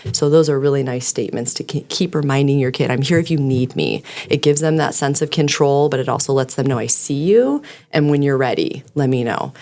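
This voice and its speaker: A woman's voice: extremely low pitch, fairly quick, hardly any pauses, warm tone. A woman, a clinical social worker, speaking as a podcast guest and explaining at length in an earnest, sometimes rambling way. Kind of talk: casual podcast conversation.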